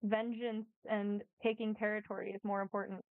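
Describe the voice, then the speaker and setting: A woman's voice: medium pitch, little pitch movement, normal speed, clean tone, dry recording. A woman streamer chatting casually and sarcastically, swearing freely while reacting. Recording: dry, phone-like tinny sound.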